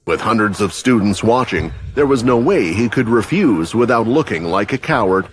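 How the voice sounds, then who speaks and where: A man's voice: lowish voice, expressive, normal speed, a little hiss or hum. A man giving scripted, dramatic story narration for a comic recap.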